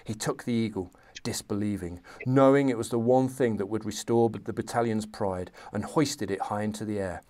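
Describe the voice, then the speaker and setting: A man's voice: fairly low pitch, fairly quick, hardly any pauses, a little mellow. A man hosting a history podcast, reading aloud from a novel and chatting with enthusiasm. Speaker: podcast host.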